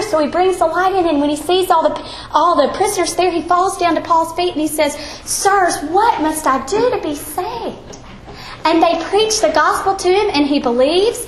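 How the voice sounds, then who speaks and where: High-voiced woman teaching a Bible study. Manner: animated storytelling, acts out quoted voices. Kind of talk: Bible lesson and closing prayer. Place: church room. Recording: echoey room with faint background noise.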